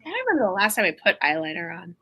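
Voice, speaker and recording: Female co-host, bright tone, wry joking in casual stream chat. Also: lowish voice, wildly swooping pitch, racing, slightly rough, no echo, clean studio sound.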